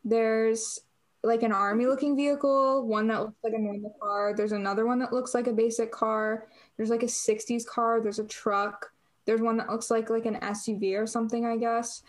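A woman's voice: a little high, fairly even intonation, fairly quick. A young woman co-hosting a podcast, chatting casually and rambling with lots of fillers and restarts. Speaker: podcast co-host.

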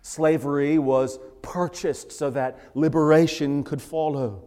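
A man preaching a sermon in a fairly high voice, leaning hard into the scripture he quotes. His words ring out with a long reverb through a church sanctuary. His delivery stays emphatic throughout. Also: fairly even intonation, a little slow, mellow, soft background music. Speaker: pastor.

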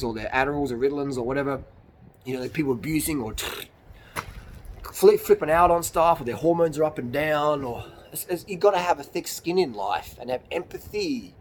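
Male vlogger, rambling and blunt, a little high-pitched, swears freely, faint outdoor background. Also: slight background noise. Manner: rambling, blunt, swears, laughs at own jokes. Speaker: YouTuber. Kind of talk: rambling motivational vlog rant. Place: outdoors in the hills on a cold evening.

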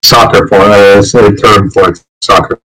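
A man's voice: on the low side, steady tone, moderate pace, pushed and bright, rough recording. A man appearing as a guest on a podcast, chatting casually and rambling with frequent hesitations and restarts.

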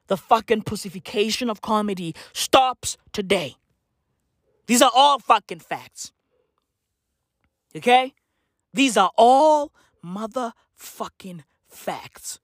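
A woman's voice: medium pitch, fairly bright tone, dry recording, clean studio sound. A woman doing a profane comic rant, repeating herself and laughing at her own jokes. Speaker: comedian.

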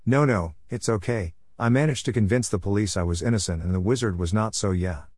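A man's voice: lowish voice, a little fast, a little mellow, slightly rough, no echo, clean studio sound. A man reading the lines of an easygoing male rescuer who holds a wizard's wand in a storybook tale.

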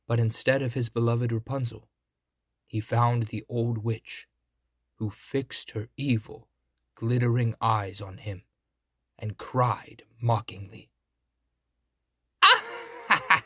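A man narrates a fairy tale in a measured storybook delivery. He takes his time, and his voice is husky. The recording is dry and close-miked. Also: medium pitch, dry recording.

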